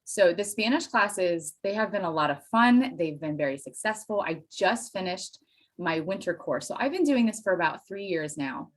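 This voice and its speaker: A woman from Pennsylvania, a Spanish teacher and dairy farmer, chatting as an interview guest with enthusiastic, animated storytelling and self-deprecating asides. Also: medium pitch, normal speed. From Pennsylvania, USA. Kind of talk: casual interview chat.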